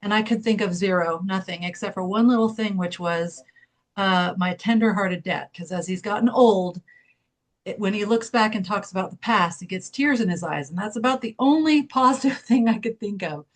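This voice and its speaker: A woman's voice: mid-range voice, normal speed. Woman telling a personal story on a call. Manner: relaxed storytelling with small laughs, acts out dialogue. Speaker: group member. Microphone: video call.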